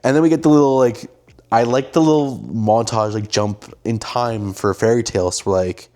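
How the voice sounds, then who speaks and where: A young man hosting a casual show, telling a story with animated delivery and acting out what people said. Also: medium pitch, moderate pace. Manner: animated, acts out quoted lines. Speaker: host, filmmaker.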